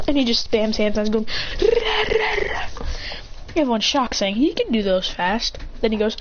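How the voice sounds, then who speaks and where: A woman's voice: on the high side, lively intonation, a little fast. A woman telling an improvised story in a rambling way, with many fillers and restarts. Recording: dull lo-fi recording with faint noise.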